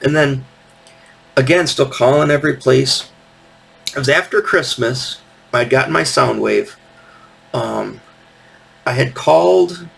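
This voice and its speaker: A man's voice: mid-range voice, gravelly, a bit bright. A man in his fifties telling a rambling, casual story as host of his own show, often correcting himself. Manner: rambling, self-correcting, acts out quotes. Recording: voice distant from the mic.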